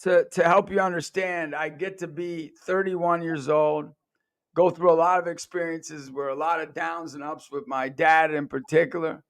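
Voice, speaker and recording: A man's voice: on the high side, steady tone, moderate pace, fairly bright tone. A man hosting a podcast, telling personal stories in an earnest, conversational way and acting out the voices of the people he quotes. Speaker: podcast host.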